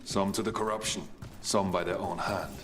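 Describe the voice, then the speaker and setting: An actor playing a solemn, terse male dwarf guide who speaks in a formal, measured, ominous way. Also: low voice, fairly bright tone, soft background music.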